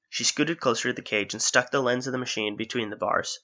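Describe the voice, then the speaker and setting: A man narrating an adventure story in a steady, engaged reading style, on a dull lo-fi recording. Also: medium pitch, fairly quick, hardly any pauses.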